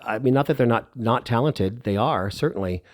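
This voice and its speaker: A middle-aged man telling a personal story in a lively, heartfelt way. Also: mid-range voice, normal speed. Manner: animated, emotional, lively retelling.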